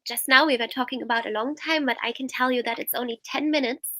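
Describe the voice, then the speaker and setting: A woman hosts a live-streamed interview over a video call, her voice a little high and close and dry. She speaks in a friendly, loose manner, with plenty of ums along the way. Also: fairly even intonation, fast talker, bright, forceful tone, no room sound. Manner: friendly, with fillers and little laughs. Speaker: interviewer and host. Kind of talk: live online event hosting.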